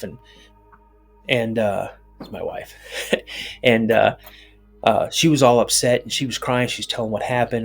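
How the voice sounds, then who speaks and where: A middle-aged man telling a personal story as a podcast guest, animated and full of restarts. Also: lowish voice, gravelly, slightly rough.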